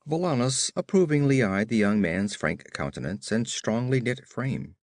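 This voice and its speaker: A man narrating an adventure story aloud in an expressive storytelling manner. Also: medium pitch, normal speed, hardly any pauses, no room sound, clean studio sound. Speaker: audiobook narrator. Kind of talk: scripted narration.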